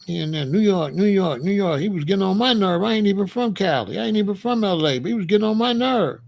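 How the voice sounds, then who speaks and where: A man's voice: sits high, animated, fast, creaky. A man giving a blunt, streetwise commentary monologue, repeating his points. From Chicago. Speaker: commentary host.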